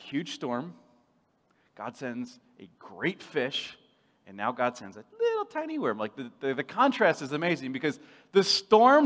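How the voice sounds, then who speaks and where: A man preaching a sermon in a playful, animated way, swinging from loud bursts to hushed asides. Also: high-pitched, in a large hall.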